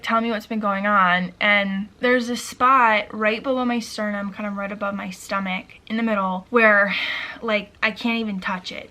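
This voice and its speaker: A woman's voice: mid-range voice, sharp tone. Breathless woman vlogging casually. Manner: rambling, many "like" fillers. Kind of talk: casual vlog chat. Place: at home by a window.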